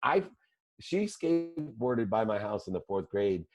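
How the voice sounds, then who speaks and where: A man who is a guest on an interview show, telling a personal story in an animated way with repeated phrases. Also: on the low side, a little slow.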